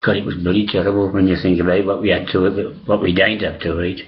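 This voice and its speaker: An older man with a low, level voice talks fast as he rambles through memories of the old days, full of fillers, restarts, and casual swearing. The recording has a dull, lo-fi sound.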